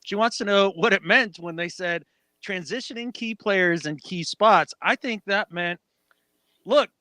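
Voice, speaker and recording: A man co-hosting a casual sports podcast, animated and acting out quotes in mock voices. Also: high-pitched, normal speed, no room sound. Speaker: podcast co-host.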